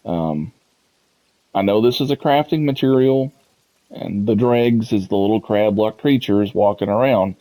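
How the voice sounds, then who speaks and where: Gaming YouTuber, man, low mellow voice, chatty and amused. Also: a little slow, low-quality recording. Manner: chatty, amused, laughs often. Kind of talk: casual chat to viewers.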